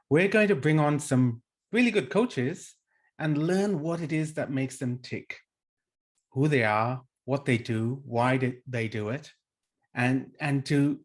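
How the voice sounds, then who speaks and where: Guy coach welcoming viewers to his channel, pitch bouncing all over, super animated. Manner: animated, acts out example dialogues. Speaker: life coach and channel host. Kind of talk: solo welcome talk to the viewer.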